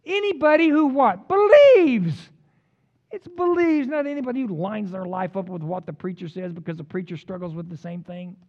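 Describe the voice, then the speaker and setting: A man preaching a sermon as pastor, jumping between loud emphatic peaks and quiet, joking asides to the congregation. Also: high voice, fairly quick, gravelly, hardly any pauses, muffled recording. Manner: humorous, teasing the congregation.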